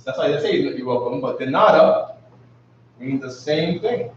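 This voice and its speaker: A man's voice: medium pitch, expressive, unhurried, a little hiss or hum. Slangy man lecturing in an echoey room. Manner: slangy, keeps asking "you know what I'm saying". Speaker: teacher. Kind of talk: casual classroom lecture. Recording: echoey room, distant mic, dull lo-fi.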